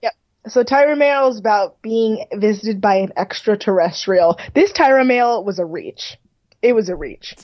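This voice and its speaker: An expressive woman with a medium-pitched voice co-hosts a podcast, recapping a reality show at a moderate pace. She chats casually, swears here and there and says "like" a lot, with slightly muffled, lo-fi sound.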